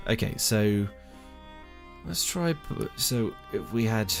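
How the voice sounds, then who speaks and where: Young male streamer, low voice, unhurried, mutters through puzzles, easily exasperated. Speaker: let's play streamer. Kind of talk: casual gameplay commentary.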